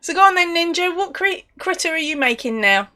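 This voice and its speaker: A woman's voice: extremely high pitch, lively intonation, brisk, sharp tone, dry recording, studio quality. An English woman hosting a crochet live stream from home, chatting casually, laughing often and reading viewer comments aloud.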